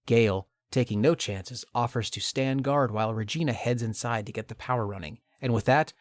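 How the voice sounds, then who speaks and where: Male podcast host: dramatic game-story narrator, jokey asides, mid-pitched, dry close sound. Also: fairly quick, few pauses, no echo. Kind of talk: comedic retelling of a video game story.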